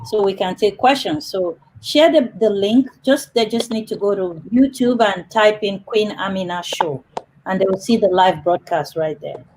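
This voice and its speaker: A woman's voice: medium pitch, normal speed, a little mellow, a little hiss or hum, poor audio. A woman hosting a live online panel over a video call, chatty and upbeat. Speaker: host.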